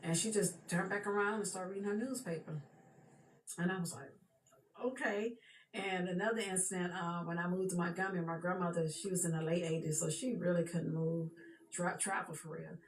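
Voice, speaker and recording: A woman's voice: lowish voice, steady tone, fairly quick. A woman telling a personal story in a casual, chatty way, often circling back with "she said" and "for real.". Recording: echoey room with faint background noise.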